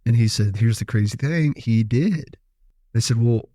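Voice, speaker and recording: A man's voice: medium pitch, normal speed, warm tone, no room sound, clean studio sound. Storytelling man co-hosting a podcast. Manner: storytelling, acts out dialogue. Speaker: podcast co-host. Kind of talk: casual podcast chat.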